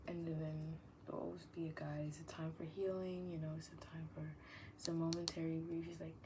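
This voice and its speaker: Woman vlogger, lowish voice, loose rambling chat full of "like", noisy background. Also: little pitch movement, fairly quick. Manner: meandering, heavy use of "like", drifts into soft whispers, laughs often. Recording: clearly audible background noise.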